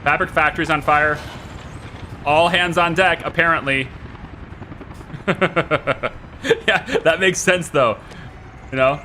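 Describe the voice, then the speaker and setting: A man streaming a city-building game live, chatting to himself and yelling frantically when things go wrong. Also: on the high side, slow pace, long pauses, slight background noise. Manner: excitable, swings from mumbling to frantic shouting. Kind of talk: live gameplay commentary.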